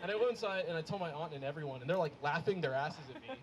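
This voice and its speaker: A young man performing a stand-up comedy set, telling stories in an animated way and laughing at his own jokes. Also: on the high side, rapid-fire, a crowd in the background, low-quality recording. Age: young adult. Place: comedy show with a live audience.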